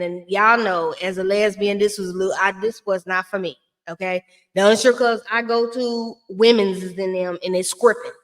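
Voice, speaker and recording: A woman giving a blunt, chatty recap of a reality show in a casual, slangy way. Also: medium pitch.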